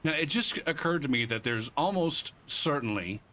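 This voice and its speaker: A man's voice: a little high, animated, normal speed, bright, forceful tone, slight background noise. A male streamer chatting casually with his viewers while playing, arguing and swearing freely. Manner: argumentative, bantering with chat. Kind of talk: casual live-stream chat while gaming.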